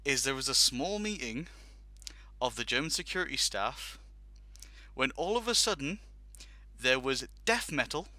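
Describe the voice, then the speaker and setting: Very animated yet a little slow, a man with a medium-pitched, bright and forceful voice tells a long funny anecdote on his casual talk show. The recording has no echo, and he laughs and acts out quotes along the way.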